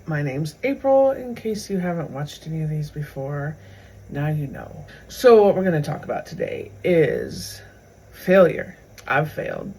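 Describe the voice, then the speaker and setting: A woman hosts her own faith video series and retells a scripture passage in plain everyday words. Her voice is gravelly with a husky edge, and she keeps stopping for casual asides to the viewer. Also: deep voice, very animated, a little slow, warm tone, poor audio. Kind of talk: casual Bible teaching.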